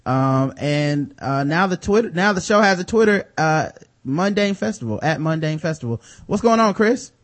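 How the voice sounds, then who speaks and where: A man's voice: a little high, lively intonation, moderate pace. A man hosting a podcast in casual chat, reading sponsor spots in a loose, jokey, profane way with lots of fillers. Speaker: podcast host.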